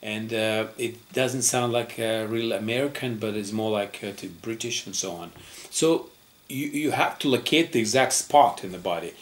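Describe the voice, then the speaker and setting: A man with a Russian accent, a native Russian speaker, explaining an English lesson patiently, step by step, with frequent pauses. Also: on the low side, slight background noise. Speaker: English teacher.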